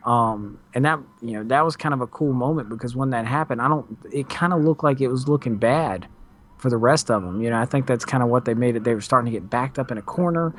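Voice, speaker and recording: A man's voice: mid-range voice, quick pace. A man co-hosting a casual recap chat, talking in a laid-back, rambling way with plenty of fillers. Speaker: podcast co-host.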